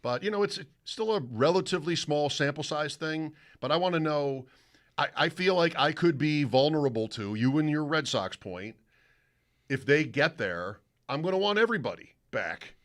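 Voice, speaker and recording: A man's voice: on the high side, expressive, normal speed, a bit bright. A man hosting a sports radio show, talking casually in a rambling, self-interrupting way from the studio.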